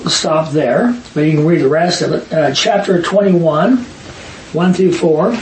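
A man leading a Bible study, reading verses aloud and arguing his points emphatically with quick asides. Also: on the high side. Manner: emphatic, rapid asides, reads scripture aloud. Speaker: Bible teacher. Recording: echoey room, distant mic, faint hiss.

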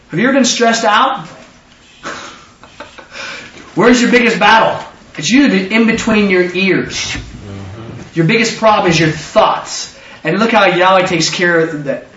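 Bright-voiced, animated male preacher. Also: sits high, moderate pace, pauses often, a little hiss or hum. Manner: animated, call-and-response, acts out quotes. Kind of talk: sermon. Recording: echoey room, distant mic, dull sound.

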